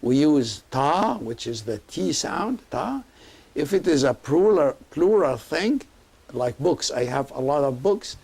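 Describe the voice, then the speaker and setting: Slow, patient man teaching a language. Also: a little high, lively intonation, darkish tone, breathy edge. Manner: slow, patient, repeats and spells out sounds. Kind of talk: recorded language lesson.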